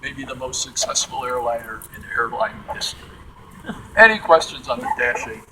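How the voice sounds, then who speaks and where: A man from the Midwest, guiding a museum tour and telling stories in an animated way. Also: medium pitch, moderate pace, a little hiss or hum, poor audio. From Midwestern United States. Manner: animated, acts out quotes in character voices. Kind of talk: storytelling tour talk. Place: large museum hangar, indoors.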